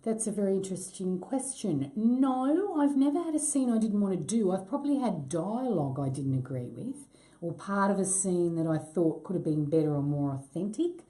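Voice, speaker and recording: A middle-aged actress in a casual interview, self-deprecating, laughing easily and swearing when she gets excited. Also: mid-range voice, normal speed. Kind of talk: casual chat.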